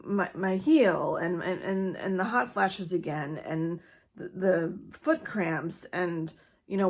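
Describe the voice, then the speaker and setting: Frank, rambling woman vlogging. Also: medium pitch. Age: adult, not yet menopausal. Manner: rambling, self-interrupting, swears and laughs through frustration. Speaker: vlogger sharing her cancer journey. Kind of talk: candid personal vlog.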